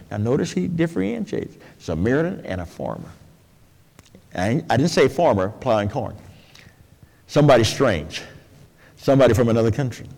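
A man preaching a sermon, folksy and expressive, dropping to soft low phrases and jumping to high, emphatic ones. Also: moderate pace, gravelly, long pauses. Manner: folksy, colloquial asides. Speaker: pastor. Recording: long hall reverb.

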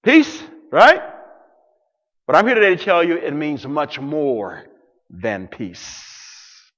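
A man preaching a sermon to a congregation, dramatic, swinging from loud declarations to hushed near-whispers. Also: a little high, wildly swooping pitch, slow, big-room sound, lo-fi sound. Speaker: pastor.

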